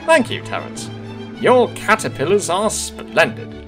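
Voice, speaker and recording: A man voicing a cocky, boastful little male tank engine in a storybook reading, with a high, squeaky, drawn-out delivery. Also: huge pitch swings, over music, exaggerated voice. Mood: grateful.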